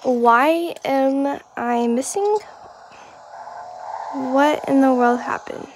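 A young woman chatting casually while playing a video game, reacting out loud to what happens. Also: high voice, drawn-out words, a little hiss or hum. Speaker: gamer. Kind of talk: casual gameplay commentary.

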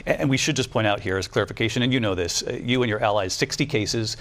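A lower-voiced man moderating a televised debate. He frames his questions slowly and carefully, pausing often between phrases. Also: fairly bright tone. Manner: measured, halting questioning.

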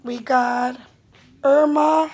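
A woman's voice: sits high, steady tone, darkish tone. A woman spell caster talking casually to her clients in a vlog, tired and apologetic with a worn-out voice. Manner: weary and apologetic, drawn-out.

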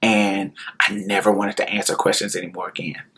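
An adult man from Indiana with a rural Indiana accent, slowly and candidly telling a personal story, often laughing and repeating himself. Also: lowish voice, level tone, pushed and bright, breathy edge.

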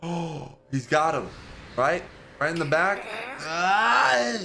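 A man hosting an anime reaction channel, talking casually and excitedly, exclaiming and swearing as he talks to the screen. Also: on the high side, slow, gravelly, noisy background. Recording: music playing loud behind.

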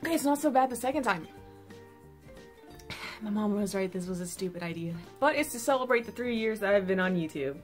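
A woman's voice: medium pitch, lively intonation, brisk, soft background music. A young woman YouTuber chatting casually to camera, bubbly and self-mocking.

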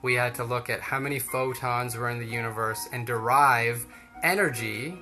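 A man's voice: medium pitch, moderate pace, over music. A young man giving a casual storytelling talk, rambling and chatty with lots of fillers.

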